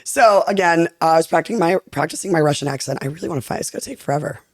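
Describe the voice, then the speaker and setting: Rapid, animated young woman storyteller. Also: deep voice, dry recording, studio quality. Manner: animated, rapid talker full of fillers. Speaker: podcast guest, content creator. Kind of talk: casual storytelling chat.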